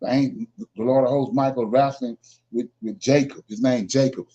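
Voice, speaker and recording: A man's voice: medium pitch, steady tone, normal speed, mellow. A man leading an informal Bible study. He reads verses aloud, then explains them with emphasis and keeps asking "right?". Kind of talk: informal scripture teaching. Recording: dull lo-fi recording.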